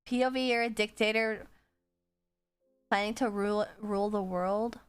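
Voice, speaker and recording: A woman's voice: medium pitch, fairly even intonation, moderate pace, clear, resonant tone, faint music behind. A woman streamer chatting casually with her viewers while she draws, swearing freely and laughing often.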